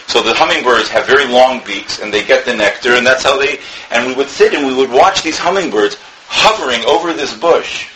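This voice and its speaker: A man's voice: medium pitch, background noise. A man giving an earnest Torah talk as a rabbi, telling a story and sprinkling in Hebrew and Yiddish words.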